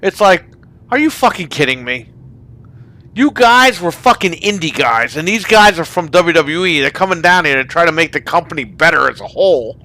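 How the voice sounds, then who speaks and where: Profane, bright-voiced man ranting. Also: on the high side. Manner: profane, ranting about wrestling. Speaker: podcast host. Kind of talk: casual gaming party chat.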